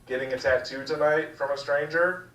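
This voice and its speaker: A man's voice: on the high side, fairly even intonation, moderate pace, fairly bright tone, reverberant, recorded from a distance, poor audio. A young man doing a rambling, crude, self-mocking stand-up set. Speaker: stand-up comedian. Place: small comedy room.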